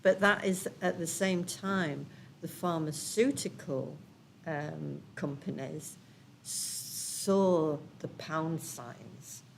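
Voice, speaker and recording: A woman's voice: sits low, very slow, vocal fry, slight background noise. A woman on a panel speaking critically and passionately, with hesitant restarts. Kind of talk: discussion.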